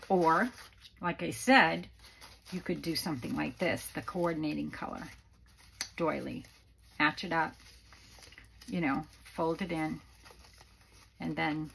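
Chatty woman with a gravelly voice. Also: low-pitched, a bit bright, a little hiss or hum, poor audio. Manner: chatty, rambling, many fillers. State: out of breath. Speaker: craft channel host. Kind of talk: casual craft tutorial. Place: home craft room.

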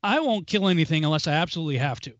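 Higher-pitched man, animated storyteller. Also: rapid-fire, dry recording. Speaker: co-host. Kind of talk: casual Bible study discussion. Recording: dull lo-fi, dry.

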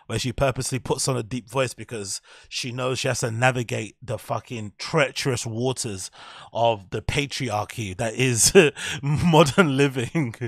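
A man's voice: medium pitch, creaky, fairly bright tone, no room sound, clean studio sound. A man hosting a podcast, giving blunt, rambling, sweary commentary in a casual chat. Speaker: podcast host.

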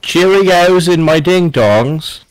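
Deadpan joking gamer guy. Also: a little high, slow, low-quality recording. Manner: deadpan crude joker. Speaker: gaming friend. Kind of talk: casual gaming chat.

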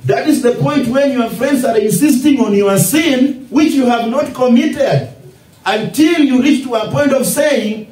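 A man's voice: sits high, animated, a little slow, warm tone. A man with a Kenyan accent, a pastor preaching from scripture with repeated, emphatic phrases. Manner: preaching with repetition and rising emphasis. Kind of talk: expository sermon reading scripture. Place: church hall. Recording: echoey church hall, distant mic.

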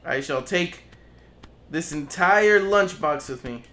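A man's voice: fairly high pitch, animated, slow, bright, forceful tone, a little hiss or hum. A man giving casual gameplay commentary, playful and taunting, swearing as he speaks in character as a goose. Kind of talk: casual let's play commentary.

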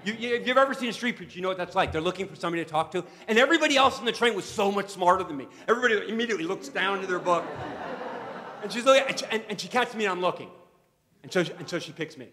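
A man giving a talk to an assembly as guest speaker, telling an animated story and repeating words as he starts sentences. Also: high-pitched, rapid-fire, big-room sound. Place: assembly hall.

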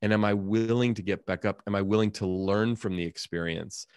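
A middle-aged man tells a personal story with earnest reflection in a lowish voice, voicing the people in it as he goes. The sound is dry and close, with no room echo. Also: fairly even intonation, brisk, darkish tone, clean tone. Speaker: guest, author and speaker. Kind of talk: storytelling in a podcast interview.

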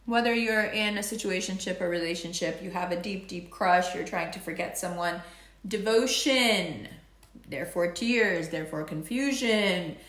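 A woman's voice: lowish voice, normal speed, a bit bright. Chatty woman reading horoscopes, echoey room. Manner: playful, chatty, tangents and swearing. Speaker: astrology and tarot reader. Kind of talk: casual monthly horoscope reading.

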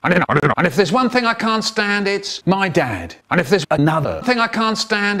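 A man telling a comic children's story in an expressive, performing way, cut up and remixed. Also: sits high, moderate pace, hardly any pauses.

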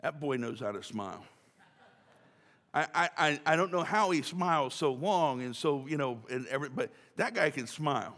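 A man's voice: on the high side, lively intonation, moderate pace, fairly bright tone. A man preaching a casual, joking sermon as pastor, talking chattily with many restarts and asides. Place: church sanctuary. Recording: church hall reverb.

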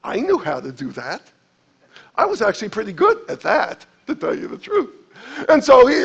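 A pastor preaching a sermon to his congregation, animated, acting out quotes with sudden jumps in pitch and loudness. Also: brisk, vocal fry, husky, muffled recording.

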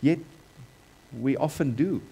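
A man with a South African accent preaching a sermon in a church, repeating key phrases and swinging between loud emphasis and quieter stretches. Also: mid-range voice, slow pace, creaky, breathy edge. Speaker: pastor.

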